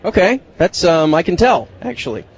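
A man's voice: high-pitched, lively intonation, vocal fry, dull audio. A man from Dallas, a radio host roaming a media center and teasing people in casual street interviews. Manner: joking, teasing, quick banter.

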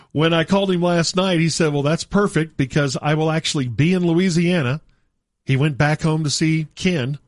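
A man hosting a radio talk show, arguing his point in an animated, casual way. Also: fairly high pitch, normal speed, dry recording, clean studio sound. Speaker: radio sports talk host. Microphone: studio mic.

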